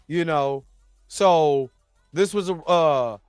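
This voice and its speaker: High-voiced man rambling through a show recap. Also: slow, clean tone, no echo, clean studio sound, soft background music. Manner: rambling, loose slangy recap with frequent restarts and asides. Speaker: reaction show host. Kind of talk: casual episode recap and reaction.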